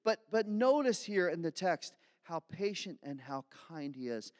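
A man's voice: high voice, big pitch swings, measured pace. A male pastor from Philadelphia giving a conversational, self-deprecating sermon. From Philadelphia, USA. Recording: long hall reverb.

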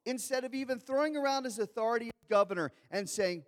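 A man preaching with a fairly high voice that rings out through a big hall with a long echo. He tells the story dramatically and acts out the lines of its characters. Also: lively intonation, quick pace, hardly any pauses. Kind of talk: sermon. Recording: long reverb of a large hall.

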